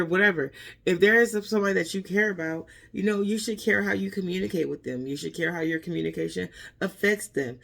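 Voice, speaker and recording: Gravelly-voiced woman giving earnest life advice. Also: lowish voice, fairly bright tone. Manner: earnest, repetitive, peppered with "you know"; emphatic, drives points home with "okay?". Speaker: motivational vlogger. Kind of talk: casual motivational talk.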